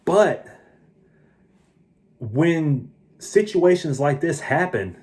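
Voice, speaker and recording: A man's voice: fairly high pitch, lively intonation, drawn-out words, a little mellow. A tired man talking through a casual movie review, earnest and opinionated, often restarting his sentences. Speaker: film reviewer.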